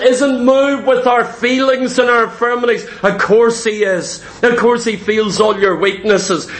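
A man's voice: very high-pitched, fairly bright tone. A man preaching a sermon with passion, repeating phrases and acting out the voices of doubters and of Christ.

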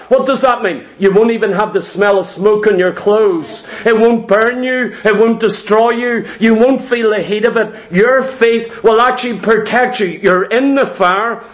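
High-voiced man preaching, emphatic, repetitive, rhetorical questions. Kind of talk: sermon.

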